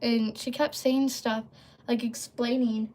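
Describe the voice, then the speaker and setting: A young-sounding woman with a slightly raised pitch talks casually to her livestream audience. She wanders off topic, fills pauses with ums and likes, and keeps pausing to respond to viewers' messages. It sounds like a device mic in a casual setup. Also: level tone, a little mellow. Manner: rambling, filler-heavy, often breaks off to read and answer chat. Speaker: livestream host.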